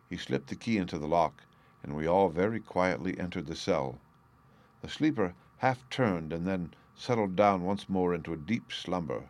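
Brief: male audiobook narrator, lowish voice, dry close sound, steady pacing. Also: no echo. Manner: steady, unhurried, slows on key phrases. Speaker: audiobook reader. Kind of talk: scripted narration of a classic story.

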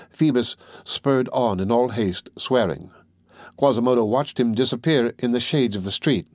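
A male audiobook narrator with a mid-range voice reads in a measured, steady storytelling manner. The sound is close and dry, with no room echo at all. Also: mid-range voice. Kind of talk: scripted narration.

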